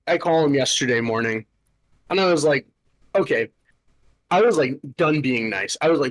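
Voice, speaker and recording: Telling a story on his podcast, this young man sounds animated and somewhat high, talking at a normal speed but pausing often. It's a profane, exasperated rant packed with "like," captured in a rough recording.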